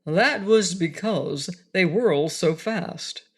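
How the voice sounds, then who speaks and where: A woman reading a calm old storybook wizard who explains things gravely and slowly. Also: on the low side. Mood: earnest. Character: kindly elderly male wizard, careful leader.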